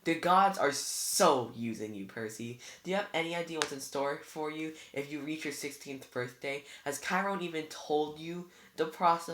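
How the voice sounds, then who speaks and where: A reader voicing a scornful young male villain who talks smoothly and taunts, in a read-aloud book. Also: medium pitch, moderate pace, hardly any pauses, noisy background, natural voice. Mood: taunting. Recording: roomy echo.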